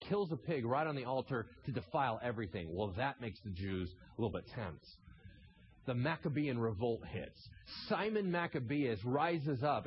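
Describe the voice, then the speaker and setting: A man's voice: medium pitch, dull audio, a little hiss or hum. A man preaching a sermon, asking the congregation rhetorical questions and reading scripture aloud. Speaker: pastor.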